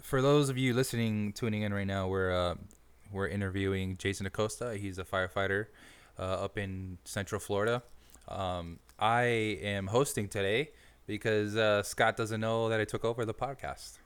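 A man hosting a casual podcast interview, an animated storyteller who swears freely and laughs often. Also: lowish voice, normal speed, smooth. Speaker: podcast host and firefighter.

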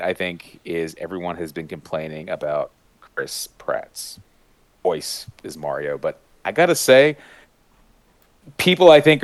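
A man with a very low voice chats casually and eagerly, rambling through fillers and restarts. He sometimes leaps into high-pitched impressions of other voices. The sound is close and dry, with no room echo. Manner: mimics voices with sudden high-pitched bursts. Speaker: podcast panelist. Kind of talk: casual chat.

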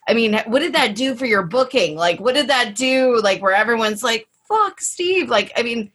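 A woman's voice: fairly high pitch, a little fast, a bit bright, husky. A woman hosting a casual podcast chat, asking teasing follow-up questions.

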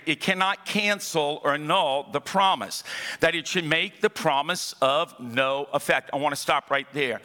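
A male pastor delivers his sermon with a bright, forceful edge, his voice sitting a little above the usual male range. He drives home key phrases by repeating them and calling for the congregation to answer. The sound rings out with the long reverb of a large auditorium. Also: on the high side. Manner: emphatic preaching, repeats key phrases, calls for congregation response. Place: church auditorium.

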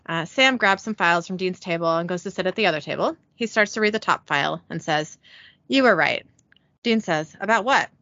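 A woman's voice: on the low side, quick pace, hardly any pauses, bright, forceful tone, no echo, highs cut off. A woman co-hosting a podcast, narrating an episode's scenes and dialogue, then chatting casually and laughing with her co-host. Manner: reads out scene dialogue with light voicing, giggly. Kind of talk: casual recap narration and chat.

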